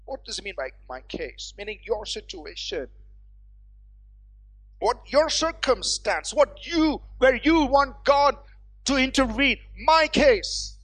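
A preacher works through a sermon at an unhurried, deliberate pace, pushing some phrases out loudly and dropping others to a hush. The congregation is urged to answer back, and soft music plays faintly underneath. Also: lively intonation. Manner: swings between loud proclaiming and hushed low asides; call-and-response with the congregation.

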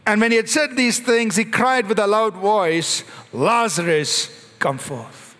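Male pastor, high voice, animated sermon delivery, big echoing church. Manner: animated preaching, slowing and rising on quoted prayers. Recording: long hall reverb.

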